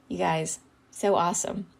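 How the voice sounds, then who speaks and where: Her voice fairly low and gravelly, steady in tone and measured in pace, a middle-aged live-stream host reads channeled messages aloud. She talks them over warmly and casually, frequently asking "right?", while tearing up and laughing through her tears.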